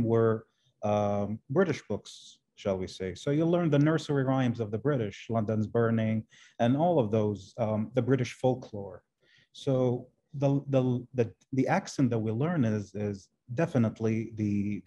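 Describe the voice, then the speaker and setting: A man's voice: medium pitch, dark tone. A man whose first language is Arabic, a translation professor speaking as a guest in an interview, thoughtful and often repeating words as he searches for phrasing. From Arab world. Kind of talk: interview conversation.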